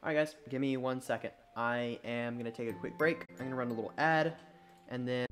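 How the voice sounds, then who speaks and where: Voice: mid-range voice, brisk, soft background music. A streamer hosting a casual gaming chat, easygoing and repeating words while thinking.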